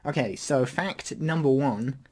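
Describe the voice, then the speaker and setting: A man's voice: mid-range voice, measured pace. Rambling, hesitant male podcast host. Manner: rambling and hesitant, many fillers. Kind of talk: casual podcast chat.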